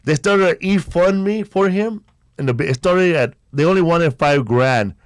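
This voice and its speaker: A male podcast host speaks unhurriedly on a dry, studio-quality recording. His chat is casual, told as laid-back, low-key stories peppered with slang.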